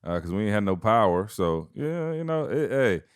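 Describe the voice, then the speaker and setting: Low, smooth-voiced laid-back man. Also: big pitch swings, normal speed, no room sound, clean studio sound. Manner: laid-back, conversational, slangy. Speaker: podcast co-host. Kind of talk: casual podcast chat.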